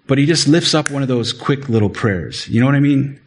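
A man preaching a sermon in an earnest way, often repeating words and rising in pitch to stress a point. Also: expressive, normal speed, slightly rough. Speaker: pastor.

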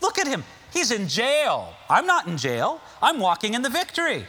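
A man's voice: extremely high pitch, wildly swooping pitch, moderate pace, pushed and bright, big-room sound, full character voice. A man voicing a boastful early church member who brags about his wealth and health. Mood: smug. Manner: self-satisfied bragging.

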